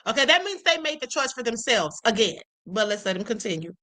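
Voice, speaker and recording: Woman host, high bright voice, sassy, reacts to clips for her viewers. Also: very animated, brisk. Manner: sassy, talks straight to viewers, repeats rhetorical questions. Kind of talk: reaction commentary livestream.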